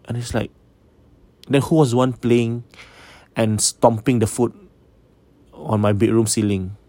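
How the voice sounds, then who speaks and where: A man's voice: medium pitch, steady tone, measured pace, warm tone, dry recording. A man casually telling a ghost story, mixing English with Malay and often checking in with his listeners.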